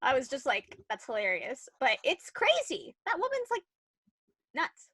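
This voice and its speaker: A young woman co-hosting a podcast, chatting casually with lots of "like" and animated retellings. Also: sits high, a little slow, no room sound. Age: young adult. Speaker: podcast co-host. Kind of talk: casual chat.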